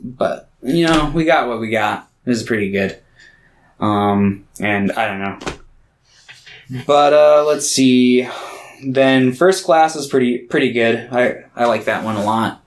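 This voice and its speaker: This is a male podcast co-host in casual conversation, speaking at a medium pitch and a measured pace. He rambles freely, scattering fillers and the occasional casual swear throughout.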